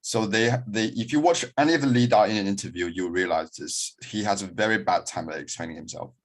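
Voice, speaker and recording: A man hosting a casual interview, chatty, often trailing off softly at the end of a thought. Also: lowish voice, fairly quick. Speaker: interviewer, weightlifting journalist.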